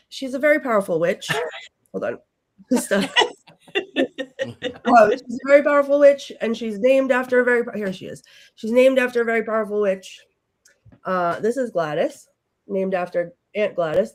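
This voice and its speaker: A woman guest chatting casually and playfully on a podcast panel. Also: on the low side. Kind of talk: casual chat.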